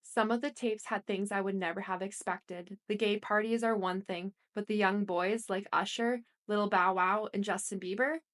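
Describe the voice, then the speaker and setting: A woman reading a first-person story aloud as an audiobook narrator, in a plain, steady manner. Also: medium pitch, moderate pace, few pauses.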